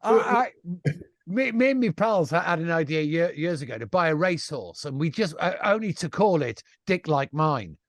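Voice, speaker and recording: A man's voice: fairly high pitch, sing-song, moderate pace, no echo, studio quality. A man hosting a casual chat, full of laughing banter. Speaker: host.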